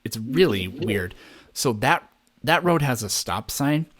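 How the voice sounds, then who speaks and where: A man's voice: mid-range voice, animated, slow pace, fairly bright tone. Rambling, swearing man telling a story. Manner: rambling, swears freely, acts out quoted people in raised voices. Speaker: podcast co-host. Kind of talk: casual storytelling chat.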